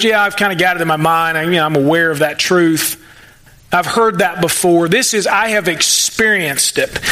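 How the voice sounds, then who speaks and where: Bright-voiced, high-pitched preacher man. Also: low-quality recording. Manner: conversational preaching, acts out prayers in quick asides. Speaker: pastor. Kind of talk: sermon. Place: church.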